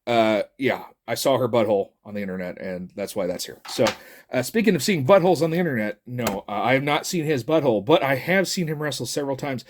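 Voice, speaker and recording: A man's voice: medium pitch, fast. Rambling middle-aged man. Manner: rambling and jokey, with many fillers. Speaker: toy reviewer. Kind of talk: casual chat.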